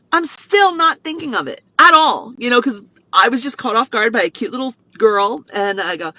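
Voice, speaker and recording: A middle-aged woman, a mother, telling a personal story in an animated way and acting out the voices in it. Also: on the high side, normal speed, no room sound, poor audio. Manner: excitable, acts out voices in her story.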